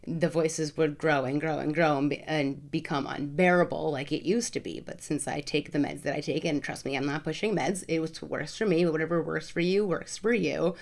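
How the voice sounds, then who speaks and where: Frank, emphatic woman vlogger, slightly low voice. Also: steady tone, normal speed, creaky, few pauses. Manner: frank, emphatic, repeats words for stress. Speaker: vlogger answering viewer questions. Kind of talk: casual Q&A to camera.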